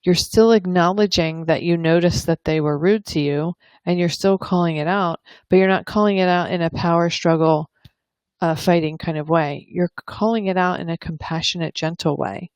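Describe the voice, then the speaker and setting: A woman and parenting coach talking calmly and earnestly to camera, explaining ideas and acting out example dialogues. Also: fairly low pitch, moderate pace, no echo. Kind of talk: advice talk to camera.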